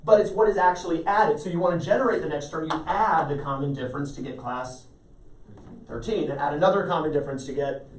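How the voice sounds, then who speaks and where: A man's voice: on the high side, quick pace, slight background noise. Guy teaching algebra to a class, patient, step by step, roomy echo, mic kinda far off. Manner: patient, explains step by step, quizzes students by name. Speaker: math teacher. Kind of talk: classroom lecture. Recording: echoey classroom, mic at a distance.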